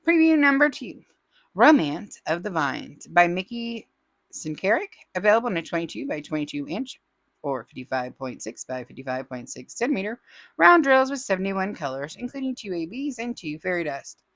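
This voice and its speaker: A woman's voice: lowish voice, very animated, normal speed, fairly bright tone, no room sound. A woman hosting a crafting channel, reading out viewer comments in a casual, playful way with teasing asides.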